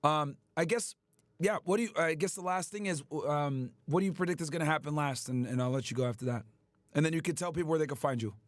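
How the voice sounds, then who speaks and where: A laid-back male host who keeps his interview casual, dropping short reactions and easygoing questions. His voice sits a little high and sounds dry and close. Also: quick pace, no room sound. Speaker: podcast host.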